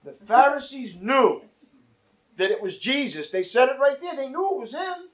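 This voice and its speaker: High-pitched pastor guy teaching a bible study, reads scripture loud then goes quiet for asides. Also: big pitch swings, moderate pace. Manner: reads scripture aloud with emphatic rises, drops to quiet asides.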